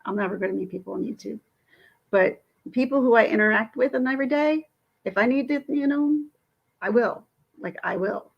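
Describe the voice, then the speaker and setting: Woman ranting on her vlog, fired up, quick and animated. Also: fairly high pitch, gravelly, husky, highs cut off. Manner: indignant, animated, quick talk. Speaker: vlogger. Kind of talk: casual storytelling rant.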